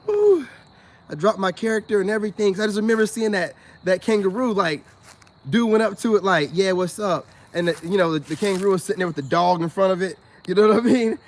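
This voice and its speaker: High-voiced laughing American man. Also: slight background noise. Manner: laughs often, loose slangy delivery. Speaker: spiritual self-help vlogger. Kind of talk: casual rambling commentary to viewers.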